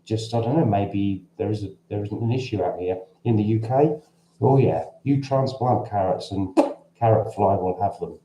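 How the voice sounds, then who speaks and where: His voice is fairly low, warm and moderately paced, with a little hiss or hum and a roomy echo. He's a Cockney-accented Londoner hosting a casual livestream from home in central Portugal, rambling conversationally through viewer questions and restarting often.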